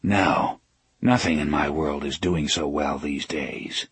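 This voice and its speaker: A man doing a stern, deep-voiced gunslinger. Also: takes it slowly, breathy edge, no room sound, exaggerated voice. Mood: curt. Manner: curt and firm.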